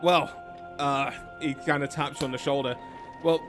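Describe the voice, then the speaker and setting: A man's voice: medium pitch, measured pace. Male game master, easygoing narration with fillers, background music. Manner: relaxed, thinking aloud with many fillers. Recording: background music under the talk.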